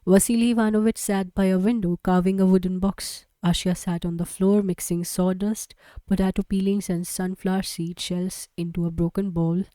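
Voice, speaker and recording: A woman reads a novel aloud on a live stream, in a mellow, darker tone recorded dry and close. She sometimes stumbles over a word and corrects herself. She marks the characters' lines with light shifts of tone. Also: lowish voice, level tone, moderate pace, clean tone, no room sound. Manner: reads aloud with small slips and self-corrections. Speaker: audiobook reader.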